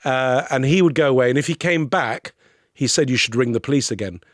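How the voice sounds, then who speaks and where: A man's voice: medium pitch, brisk, no room sound. Middle-aged guy telling a funny story, swears a lot, does the voices, dry close sound. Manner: animated storyteller, swears freely, acts out other people's voices. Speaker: podcast guest. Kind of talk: comic anecdote telling.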